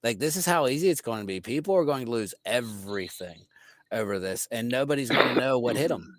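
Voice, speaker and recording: A man's voice: mid-range voice, a little fast. A man co-hosting a podcast, talking loosely and casually with plenty of fillers. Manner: loose, relaxed, filler-heavy. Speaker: podcast co-host.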